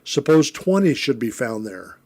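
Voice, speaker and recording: Mellow-voiced man teaching a Bible lesson. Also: mid-range voice, a little slow. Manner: relaxed, conversational, frequent fillers and self-corrections. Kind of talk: Bible lesson, reading and explaining scripture.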